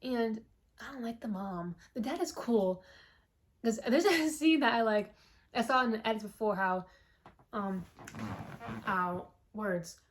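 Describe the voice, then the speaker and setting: Animated, profane woman with a higher voice. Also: measured pace, long pauses. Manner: animated, profane storytelling, acting out characters' lines. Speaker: movie recap vlogger. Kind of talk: casual movie recap.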